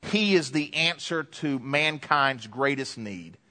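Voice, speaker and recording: A man preaching a sermon, swinging between hushed low passages and loud, emphatic climaxes. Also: expressive, takes it slowly. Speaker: pastor. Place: church hall. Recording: echoey church hall.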